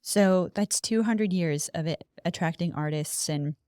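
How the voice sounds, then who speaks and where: A woman's voice: on the low side, measured pace, warm tone, no room sound, studio quality. A woman co-hosting a casual podcast, reading history notes aloud with chatty asides. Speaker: podcast co-host.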